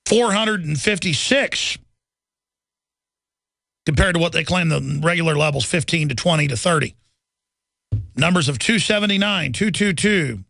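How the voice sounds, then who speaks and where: Gravelly guy ranting on talk radio, high pitched, super dry mic. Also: lively intonation, pushed and bright, dry recording. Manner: rapid, intense ranting, mocking officials in sing-song voices. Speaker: radio talk show host.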